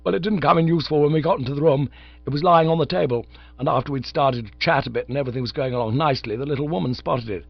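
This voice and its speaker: A man reading an audiobook, voicing a flustered, excitable young gentleman who talks in an agitated rush, higher and louder than the narration. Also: racing, vocal fry, breathy edge, no echo, highs cut off. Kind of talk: audiobook character voice.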